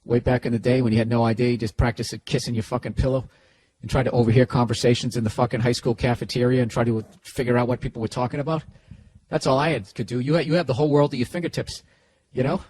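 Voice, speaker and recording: A man hosting a podcast, reading listener letters aloud and answering them in a loud, profane, sarcastic comedic rant. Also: medium pitch, steady tone, fast talker, a little hiss or hum. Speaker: podcast host giving advice.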